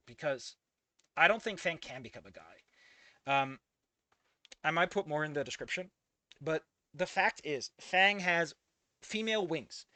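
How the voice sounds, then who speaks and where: Man, bright lively voice, casual profane fan-fiction rant. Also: on the high side, unhurried, long pauses, no room sound. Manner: profane, exasperated ranting. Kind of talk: casual commentary reading a story aloud.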